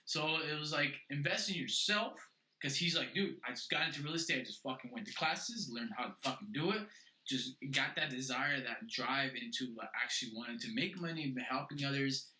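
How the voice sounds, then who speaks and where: A man rambles through a casual podcast chat, full of filler words and curses. His tone is very bright and sharp. It sounds like he is in a roomy, echoey space. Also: medium pitch, brisk. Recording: roomy echo.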